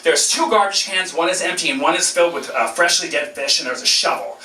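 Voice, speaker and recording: A man telling a funny personal story to an audience, animated and self-mocking, acting out voices and sounds, in a roomy echoing space. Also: fairly high pitch, quick pace.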